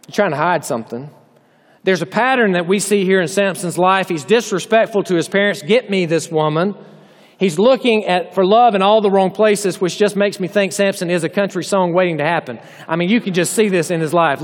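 Southern male preacher, high voice, folksy jokes, chapel echo. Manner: folksy, joking asides, direct address to the audience. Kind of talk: humorous chapel sermon. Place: chapel hall. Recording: long hall reverb.

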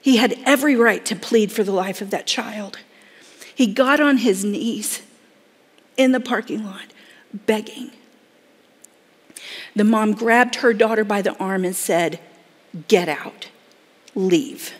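A woman's voice: mid-range voice, a little slow, pauses often, slightly rough. A woman telling a dramatic story to an audience, acting out the voices of the people in it. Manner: dramatic, acts out quoted voices. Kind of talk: emotional storytelling talk. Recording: long hall reverb.

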